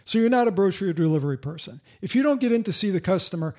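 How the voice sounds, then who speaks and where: Older male sales coach, blunt and emphatic, higher-pitched delivery. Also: animated, fast, a little mellow. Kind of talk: podcast monologue.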